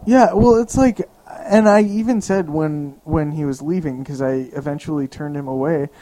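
A man's voice: fairly high pitch, moderate pace, dark tone, low-quality recording. A young man chatting casually as a podcast co-host, easygoing and talkative. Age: young adult. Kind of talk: casual chat.

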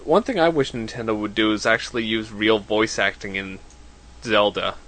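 A man co-hosting a gaming podcast, reacting fast and cracking crude jokes in casual chat. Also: lowish voice, a bit bright. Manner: quick reactions, crude jokes, gropes for words. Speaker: podcast co-host.

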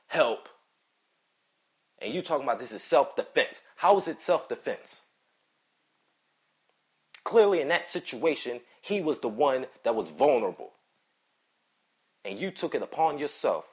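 Guy ranting hard on his own show, cussing and repeating himself, mid-pitched voice. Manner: heated, profane, repetitive ranting. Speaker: podcast host. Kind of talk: angry solo commentary.

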